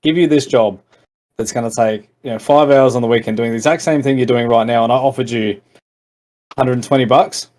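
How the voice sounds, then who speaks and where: A man hosting a podcast, chatting casually in a relaxed, agreeable and reflective way. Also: mid-range voice, fairly quick. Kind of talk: casual chat.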